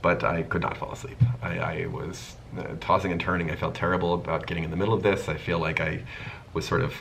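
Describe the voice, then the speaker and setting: A man's voice: deep voice, fast talker, vocal fry, slight background noise, low-quality recording. A man hosting his own channel, telling a casual storytime and acting out the people in it as he goes. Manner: animated storytelling, acting out the dialogue. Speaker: YouTube host.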